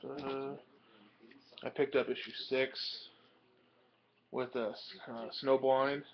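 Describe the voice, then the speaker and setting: A young man takes his time showing the comics he just bought, rambling in a casual vlog with many ums and uhs. He's a collector with a medium-pitched, level voice, and the home recording is dull and lo-fi.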